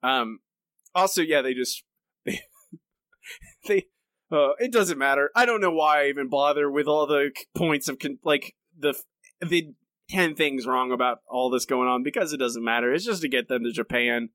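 Rambling, halting podcast host man. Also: mid-range voice, a bit bright, no echo, clean studio sound. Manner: rambling, halting, laughs often. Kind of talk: casual chat.

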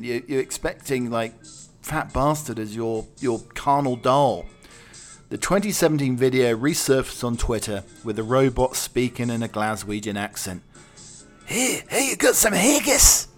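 A man's voice: medium pitch, moderate pace. British male host, casual and wry, mid-range voice, faint music bed. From United Kingdom. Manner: chatty, wry, with many fillers. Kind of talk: casual chat.

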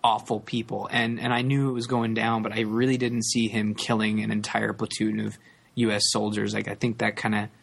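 Halting man repeating himself in chat. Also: on the low side, flat delivery, gravelly, breathy edge. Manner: halting, repeats words, fillers. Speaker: podcast co-host. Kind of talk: casual chat.

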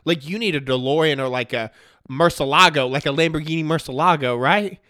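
Slangy, fired-up young sports ranter. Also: male voice, a little high, a little fast, no room sound, clean studio sound. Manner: animated, jokey, slangy with lots of "man" and "dude". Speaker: sports talk host. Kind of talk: casual sports rant. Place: at home in front of his computer.

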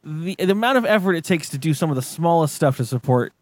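A man's voice: a little high, lively intonation, fast. A man hosting a casual podcast, rambling, swearing and laughing often. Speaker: podcast host.

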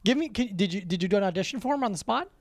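A man co-hosting a casual comedy podcast, riffing quickly and teasing his partner with constant interjections. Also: sits high, expressive, no room sound. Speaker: podcast co-host.

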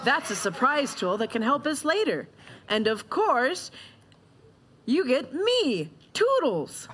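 A woman's voice: high-pitched, very animated, slow, a bit bright, full character voice. A woman voicing a cheerful talking helper gadget in a comedy bit, announcing items in a jokey sing-song way. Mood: bubbly.

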